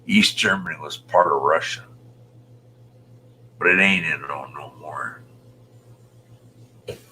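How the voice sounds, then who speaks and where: A man in his sixties from Utah, a show host chatting casually with viewers, rambling and muttering soft half-whispered asides. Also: extremely low pitch, slow, slight background noise. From Utah, USA. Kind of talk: casual livestream chat.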